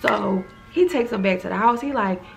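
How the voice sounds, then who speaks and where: Sex: woman. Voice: gravelly. Style: casual chat recapping a TV episode. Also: medium pitch, normal speed, faint music behind. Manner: chatty, loose retelling full of "like" fillers. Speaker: TV recap reviewer.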